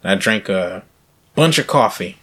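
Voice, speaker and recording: A man with a husky, low voice tells a rambling, crude story on a casual podcast. He talks loosely, with deadpan jokes. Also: unhurried. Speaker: podcast co-host. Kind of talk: casual chat.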